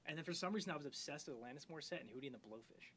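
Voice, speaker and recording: A man co-hosting a casual live podcast chat, joking around and breaking into loud singing and impressions. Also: a little high, animated, rapid-fire, a crowd in the background. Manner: jokey, bursts into loud off-key singing and impressions. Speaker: podcast co-host.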